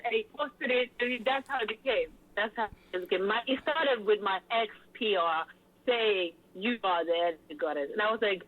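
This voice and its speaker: A woman event host telling stories in an animated, hyped way, full of fillers, in a casual interview. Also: fairly high pitch, brisk. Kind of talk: lively interview chat. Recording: tinny phone-like line.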